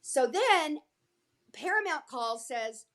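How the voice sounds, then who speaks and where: A woman telling anecdotes in a casual interview, animated and acting out what others said. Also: high-pitched, slow. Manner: animated, acts out quotes from others. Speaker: guest actress. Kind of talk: casual storytelling.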